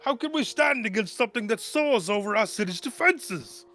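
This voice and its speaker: A panicking council crowd, which a man puts on, yells over itself in a very high, strained voice. The tone is bright and cutting, and it swoops about wildly. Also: animated, a little fast, clear, resonant tone. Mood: panicked. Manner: panicked overlapping yelling. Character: frantic shouting crowd of city council members.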